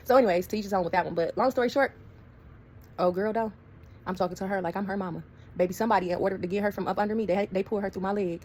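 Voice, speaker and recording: A woman telling a story to her viewers in a casual, animated way, acting out quoted voices. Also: medium pitch, very fast, slight background noise. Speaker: storyteller vlogger.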